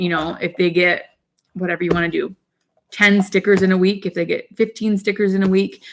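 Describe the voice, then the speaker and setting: Chatty young mother with a gravelly edge. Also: fairly low pitch. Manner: chatty, rambling with frequent side remarks. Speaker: mother giving parenting tips. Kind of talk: casual chat to camera.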